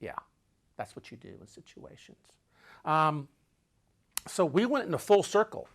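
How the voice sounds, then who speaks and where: A man with a slightly higher voice recounts a tense story from the road. He builds suspense by repeating phrases, then drops into quiet, breathy asides. His telling is dramatic and personal. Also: big pitch swings, normal speed. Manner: dramatic, swings between loud urgency and hushed low tones. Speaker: podcast host telling a travel story.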